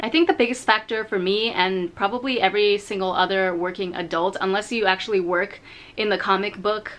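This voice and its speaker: A woman chatting casually through a makeup review vlog from her home, rambling into asides, leaning on fillers, and jumping up in pitch when she stresses a point. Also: fairly bright tone. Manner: jumps up in pitch on emphasis. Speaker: beauty vlogger. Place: home in Japan.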